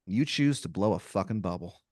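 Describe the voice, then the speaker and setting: A man's voice: low-pitched, expressive, fairly quick, darkish tone, no room sound, studio quality. A man running an improvised tabletop-style story as game master, casual and profane, with lots of fillers.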